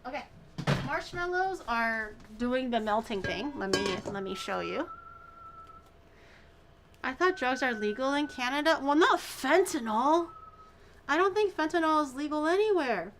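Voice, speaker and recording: The woman's voice is high and animated but unhurried as she cooks at home on a livestream, chatting in a rambling way with exaggerated reactions. The background is noisy.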